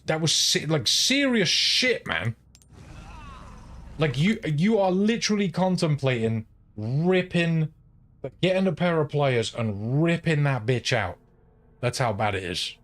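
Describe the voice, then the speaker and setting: A British man from the UK, a game streamer chatting casually and telling rambling stories full of swearing. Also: on the high side. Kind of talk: casual chat while gaming.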